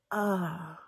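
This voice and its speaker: A woman recording a late-night vlog on her phone, crying and halting, with sighs and long pauses. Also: on the low side, warm tone, slightly rough. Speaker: vlogger. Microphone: phone held in hand.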